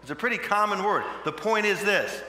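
A man preaching a sermon in a conversational way, with sudden loud emphatic bursts, recorded in a church. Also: high voice, lively intonation, a little fast. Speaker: pastor. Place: church sanctuary. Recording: echoey church hall with long reverb, faint hum.

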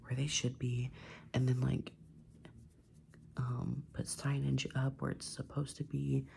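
Gravelly whispering young man venting. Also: mid-range voice, completely flat delivery, slow pace, a little mellow, slight background noise. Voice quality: mostly unvoiced whisper. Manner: chatty, full of "like" and swearing. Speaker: ASMR creator. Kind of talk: whispered ASMR venting while doing makeup.

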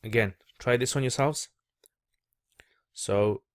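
A man's voice: mid-range voice, moderate pace, no echo, clean studio sound. A man teaching letter sounds in a patient, step-by-step lesson, repeating each sound for the listener to copy. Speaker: Arabic reading teacher. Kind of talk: slow step-by-step lesson narration.

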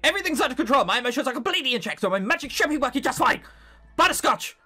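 A man voicing a proud but anxious young witch girl, high-strung and defensive, over quiet music. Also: expressive, rapid-fire, husky, heavily acted. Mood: flustered. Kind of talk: let's play voice acting.

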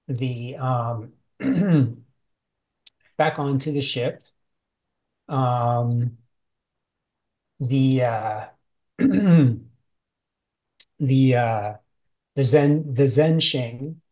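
A man narrating as game master of a tabletop game, halting and full of fillers and restarts. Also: mid-range voice, steady tone, darkish tone.

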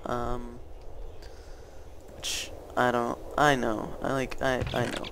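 A man's voice: medium pitch, monotone, slow pace, background noise. A young man rambling through casual gameplay commentary, hesitant, with many fillers and restarts. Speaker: gaming YouTuber.

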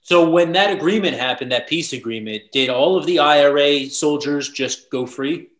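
A man's voice: on the high side, normal speed, fairly bright tone. A man hosting a podcast, asking plain, curious questions in casual chat. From United States. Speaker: podcast host. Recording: roomy echo.

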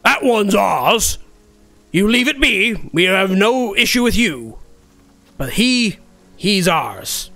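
A man voicing a gruff, greedy male troll guard who haggles bluntly. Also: sits high, sing-song, slow pace, sharp tone, soft background music, voice pushed up, full character voice.

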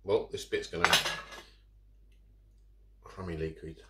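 A man's voice: low-pitched, steady tone, slow, very noisy. A man chatting casually while eating in a food vlog, rambling with his mouth full. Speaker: food vlogger. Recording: echoey room. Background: cutlery and dishes.

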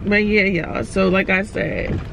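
A woman's voice: medium pitch, flat delivery, unhurried, creaky, crowd noise. Woman vlogger, nauseous after surgery. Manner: tired, talks softly about feeling sick. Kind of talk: casual vlog chat. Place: car, then at home. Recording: lo-fi phone audio with loud background noise.

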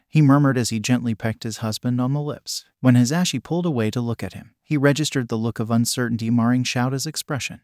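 A man reads a story aloud in an even, measured way at a middle pitch. His voice is close and dry, with no room sound around it. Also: no echo. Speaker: narrator. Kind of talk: scripted story narration.

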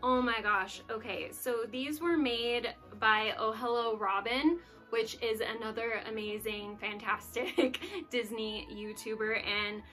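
A woman chats through an unboxing for her channel in a slow, relaxed pace and a slightly raised, bright voice. She gushes with exclamations and sounds moved almost to tears. Soft music plays faintly behind her. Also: on the high side. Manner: gushing and effusive, many exclamations; soft-spoken and touched, near tears. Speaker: YouTube channel host. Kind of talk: casual unboxing chat.

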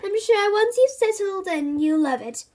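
A woman voicing a brisk, determined mother who talks in a reassuring way. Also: extremely high pitch, animated, darkish tone, pitched above the performer's own voice.

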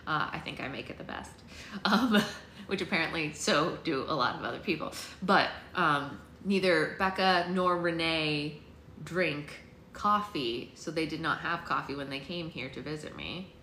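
Hosting a book club livestream from home, a woman rambles in chat with viewers and reads aloud. Her deep voice is unhurried and sharp-toned, and the recording has a roomy echo with faint noise.

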